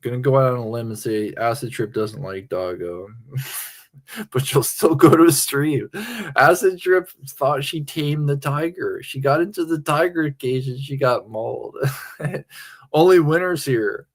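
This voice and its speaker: A man's voice: medium pitch, measured pace. A man from Pennsylvania, tipsy from drinking, rambling crudely and off the cuff to his livestream chat. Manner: meandering, crude, self-interrupting.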